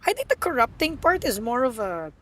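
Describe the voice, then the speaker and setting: A young woman streaming a driving game, excitable and stammering, often squealing and laughing as she drives. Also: a little high, a little fast. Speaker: automotive VTuber streamer. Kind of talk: live gaming stream commentary. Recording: car engine noise behind.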